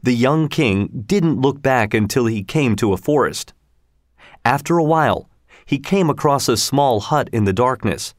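A man narrating a storybook aloud in a measured, expressive way. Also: medium pitch, dry recording, studio quality.

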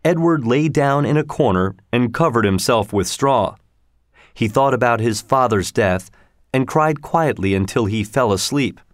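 A man narrating a storybook aloud in a measured, expressive way. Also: mid-range voice, dry recording, studio quality.

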